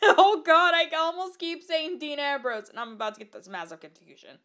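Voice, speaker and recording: A woman's voice: high-pitched, big pitch swings, brisk, bright, forceful tone. A woman reading fan fiction aloud with comic commentary; she laughs often and stumbles over words.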